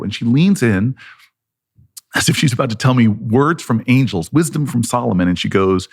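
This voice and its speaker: This politician guest is an American man in his fifties whose mid-range, husky voice moves at a brisk clip with lively intonation. He spins a lengthy tale with plenty of animation, playing both parties in the conversations he recounts.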